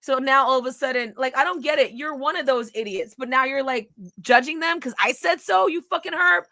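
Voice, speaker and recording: A woman's voice: sits high, fairly quick, pushed and bright, dry recording. A woman vlogger telling a story in casual talk, reading old messages aloud in a blunt, profane, scornful way.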